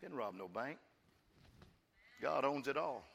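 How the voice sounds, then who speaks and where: A man preaching a fervent sermon as pastor, repeating phrases and swinging from quiet asides to loud praise. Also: medium pitch, expressive, slow, gravelly, long reverb tail, noisy background. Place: church.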